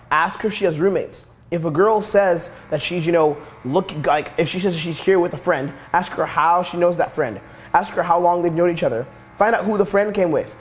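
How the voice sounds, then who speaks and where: A young man teaching as a dating coach, brash and profane, hammering his points with repetition. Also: a little high. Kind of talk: instructional monologue.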